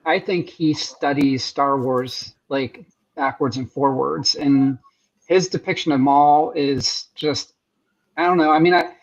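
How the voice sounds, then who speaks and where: A man chatting as a guest in an interview, eager and rambling, restarting his sentences as he goes. His voice sits a little high. It comes through muffled, lo-fi video-call audio. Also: fairly even intonation, measured pace. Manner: enthusiastic, rambling with many restarts. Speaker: guest artist. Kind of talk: casual interview chat.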